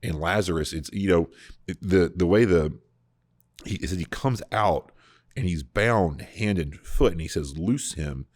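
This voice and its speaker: A man hosting a podcast, explaining scripture in a casual, animated way, often restarting his sentences. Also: deep voice, unhurried, dry recording, studio quality. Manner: animated, full of restarts and repeated words. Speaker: podcast host discussing scripture. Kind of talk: casual conversational Bible teaching.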